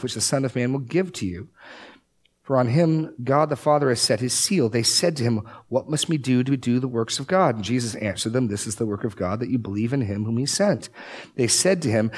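A man teaching through a Bible passage in a casual discussion, with animated, sarcastic asides. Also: mid-range voice.

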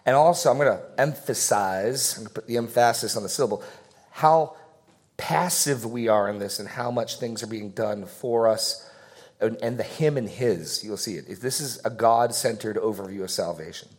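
A man teaching a Bible passage to his congregation in a conversational way, thinking aloud with fillers and slowing down to stress the verses he reads. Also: on the low side. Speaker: pastor.

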